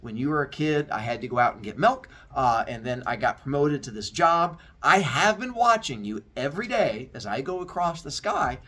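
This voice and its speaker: A man voicing a sun god father who is deep and booming yet sheepish and apologetic. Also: sharp tone.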